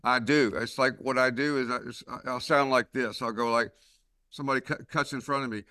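A Southern man talks through a podcast chat in a bright, forward voice, tripping over his words and restarting as the ideas come. The sound is dry and close, with no room around him. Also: mid-range voice, normal speed, no echo. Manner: animated storyteller, many restarts and repeated words. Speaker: podcast host. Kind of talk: casual podcast conversation.

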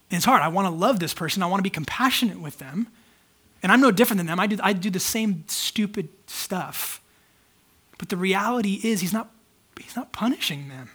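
A man's voice: high-pitched, normal speed, a bit bright, breathy edge. A man, a pastor, preaching a casual, candid sermon with lots of fillers and asides to the congregation. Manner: conversational, candid, many fillers.

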